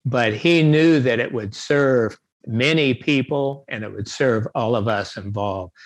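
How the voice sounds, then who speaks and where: Earnest man telling stories calmly. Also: medium pitch, unhurried, rough recording. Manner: earnest, reflective, retells stories with quoted voices. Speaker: guest speaker on the afterlife. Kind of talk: earnest storytelling interview answers.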